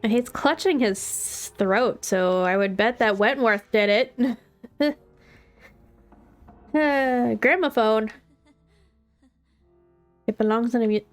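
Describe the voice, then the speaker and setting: A woman chatting casually and joking to herself as she plays a video game. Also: a little high. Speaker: gameplay commentator. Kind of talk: casual gameplay commentary.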